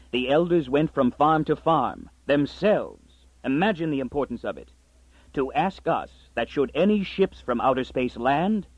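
A man's voice: mid-range voice, darkish tone, breathy edge, no room sound, dull audio. A man doing a blustering old farmer. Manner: blustering, pompous. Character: gruff scheming old male farmer.

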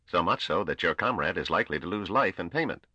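Narrator doing a squeaky, scornful old ruler, clipped and cold, dull cassette sound. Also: male voice, expressive, fast, pushed and bright, no room sound, heavily acted. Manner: snapping, intoning, coldly formal. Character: small old balding male ruler, scornful and curt. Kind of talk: audiobook character voice.

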